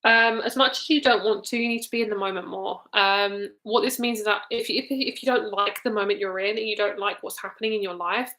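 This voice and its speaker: A woman's voice: medium pitch, steady tone, fairly quick, few pauses, sharp tone. A young woman giving a casual live card reading to viewers, chatty and loose, with frequent ums and casual swearing. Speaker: tarot reader.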